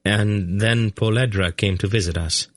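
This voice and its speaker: A man's voice: on the low side, unhurried, dry recording, lightly acted. A man reading the part of an earnest young man who grimly insists on being heard. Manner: grim, insistent.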